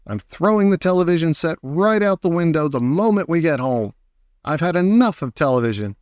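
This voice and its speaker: A man voicing a blunt, exasperated father in an audiobook, with a sharp delivery. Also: on the high side, expressive, fairly quick, dry recording, clean studio sound, pitched above the performer's own voice, lightly acted. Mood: fed up. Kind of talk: audiobook character voice.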